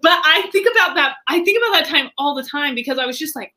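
A high-pitched woman with a bright, forceful tone tells a story as an interview guest. She talks in a chatty, expressive way, scattering "like" through her sentences. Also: fast talker. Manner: chatty, frequent filler "like", expressive. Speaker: entrepreneur and podcast guest. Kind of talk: animated storytelling in conversation.

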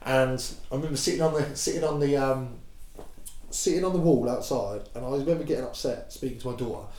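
A man's voice: medium pitch, fast. Candid man in an echoey room. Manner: emotional, drops quiet when moved, livens up when joking. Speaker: podcast guest. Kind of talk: candid storytelling chat.

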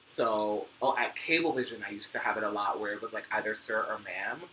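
A New York man with a soft, sweet and very bright voice chats on a podcast. He is expressive and swears freely. There is a faint hiss of noise behind him. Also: fairly quick, rough recording. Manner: expressive, swears freely, laughs and slides into high playful voices. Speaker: podcast co-host. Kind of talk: casual chat.

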